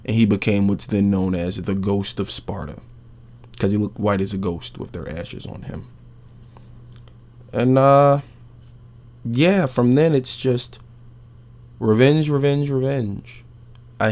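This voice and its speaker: Low-voiced podcast host, profane storytelling. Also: male voice, creaky. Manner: profane, animated retelling. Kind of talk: casual game recap.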